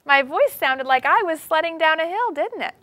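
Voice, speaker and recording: A woman teacher in a classroom reading a storybook aloud to young children, with expressive sing-song delivery and questions to the class. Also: high voice, moderate pace, no room sound. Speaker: preschool teacher.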